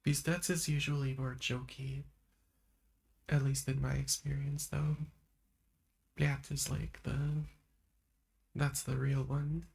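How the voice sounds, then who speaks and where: A woman hosting a live stream in a soft-spoken ASMR chat style, talking in a meandering way and laughing often. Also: very deep voice, little pitch movement, slow pace, creaky, long pauses, husky. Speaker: livestream host. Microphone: streaming microphone.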